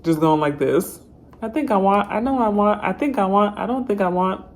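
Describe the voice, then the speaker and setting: A woman's voice: medium pitch, expressive, moderate pace, voice pushed up, close to an everyday voice. A woman voicing her spirit guides as sassy, exasperated gossiping girls.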